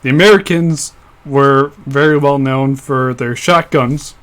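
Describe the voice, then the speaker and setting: A man's voice: mid-range voice, steady tone, measured pace, fairly bright tone. A young man co-hosting a casual history podcast, explaining events at length with frequent fillers and restarts. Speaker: podcast co-host.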